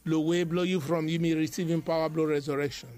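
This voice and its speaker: A man's voice: a little high, flat delivery, fast talker, darkish tone, faint music behind. A man delivering a devotional sermon, emphatic and repetitive in a chanting preaching rhythm.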